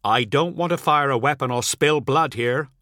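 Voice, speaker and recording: Man doing a determined traveller guy, firm and urgent, bright dry voice. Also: medium pitch, animated, a little slow, dry recording, voice pushed up. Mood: warning.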